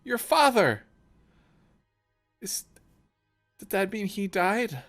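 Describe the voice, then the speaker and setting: A woman voicing a grief-stricken pirate's mother who pleads in a high, tearful voice. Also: very animated, slow, fairly bright tone, faint music behind, heavily acted. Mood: tearful pleading.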